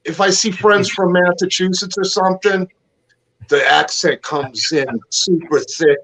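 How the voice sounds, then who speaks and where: A man's voice: sits high, fairly even intonation, measured pace, fairly bright tone, rough recording. A man with a mixed Northeastern US accent hosting a casual interview, friendly and joking about himself. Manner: friendly, joking, self-deprecating. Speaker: interview host.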